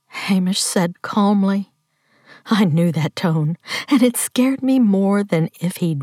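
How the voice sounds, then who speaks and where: A woman narrating a first-person story in a hushed, tense voice, often dropping to a whisper. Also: lowish voice, a little slow, no room sound, clean studio sound. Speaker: audiobook narrator.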